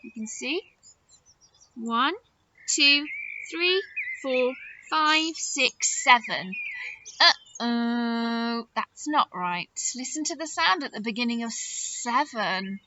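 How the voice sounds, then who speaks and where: A high-voiced woman leads a phonics lesson for small children, her pitch swooping up and down in a sing-song way. She talks slowly and stretches out her words, with bright gasps of surprise. The recording is a little dull, with faint noise behind her. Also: expressive. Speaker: nursery teacher.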